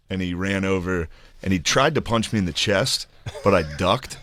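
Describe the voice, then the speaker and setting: A man's voice: low voice, a little fast, no echo, clean studio sound. A man telling profane comedic stories on a podcast and acting out the quotes. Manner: profane, animated, acts out quotes. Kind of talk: casual comedic storytelling.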